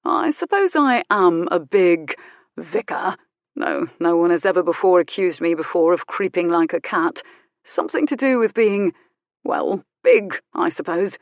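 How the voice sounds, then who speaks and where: A woman voicing a tall country vicar who speaks slowly and thoughtfully, teasing and holding back laughter. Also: on the low side, huge pitch swings, creaky, smooth, no echo, heavily acted. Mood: amused. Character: tall amused country vicar, man, dry-witted.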